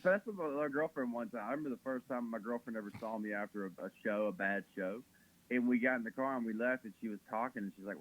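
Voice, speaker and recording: A man's voice: medium pitch, fast talker, a bit bright, a little hiss or hum, poor audio. A man, a comedian guest on a radio talk show, telling rambling jokey stories. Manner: joking, rambling storyteller.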